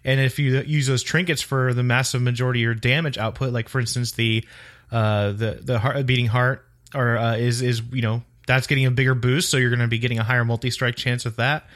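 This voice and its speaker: A man's voice: mid-range voice, level tone, brisk, a bit bright. A man talking casually about game mechanics on a podcast, rambling with many restarts. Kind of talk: casual gaming chat.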